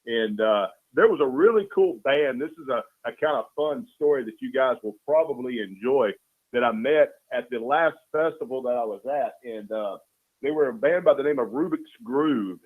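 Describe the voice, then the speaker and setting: A man's voice: medium pitch, lively intonation, moderate pace. A man calling in as a guest, talking in an easygoing, earnest way, often saying "man". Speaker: guest, caricature artist. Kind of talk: casual chat. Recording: tinny phone line.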